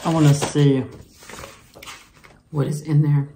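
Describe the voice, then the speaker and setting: A woman's voice: low voice, little pitch movement, takes it slowly, warm tone. A woman vlogger taste-testing snacks, chatting casually to viewers, giggling and talking while she chews. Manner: chatty, giggly, savoring food aloud while chewing. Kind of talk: casual taste-test chat to camera.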